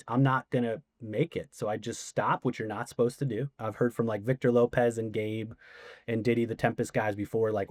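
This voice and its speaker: Animated man telling a story, dry sound. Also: medium pitch, no echo. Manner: animated retelling with quoted voices and swearing. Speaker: podcast guest. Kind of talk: casual storytelling.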